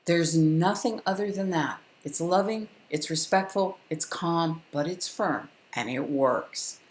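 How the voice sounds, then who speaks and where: Calm, firm older woman teaching parents. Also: fairly low pitch, reverberant. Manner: calm, firm and instructive, with deliberate pauses. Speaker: parenting educator. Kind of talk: direct-to-camera parenting lesson.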